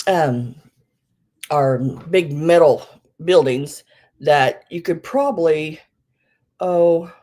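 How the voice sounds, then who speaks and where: Slow, low-voiced woman. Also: animated, warm tone. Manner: rambling, many ums, Southern "y'all". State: a bit out of breath. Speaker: live sale host. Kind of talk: casual live-stream chat.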